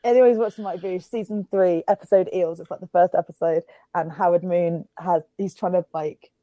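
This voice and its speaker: A woman co-hosting a podcast in casual chat, teasing and swearing in quick asides. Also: on the low side, steady tone, warm tone, dry recording. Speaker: podcast co-host.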